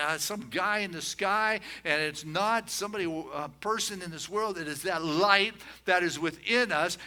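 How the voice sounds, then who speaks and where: A man giving a conversational sermon as a minister, telling a story in a folksy way with many "you know" asides and slowing down on his key points. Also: sits high, bright, forceful tone. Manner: slows and rises on key points.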